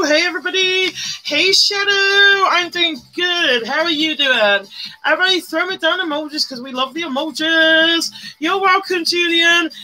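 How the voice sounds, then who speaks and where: A woman chats her way through a makeup live stream in a high, bright voice. She greets viewers one after another, squeals with delight and hums to herself. Soft music plays faintly in the background. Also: low-quality recording. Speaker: livestream host. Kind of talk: chatty live-stream commentary while doing makeup. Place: indoors at home, live streaming.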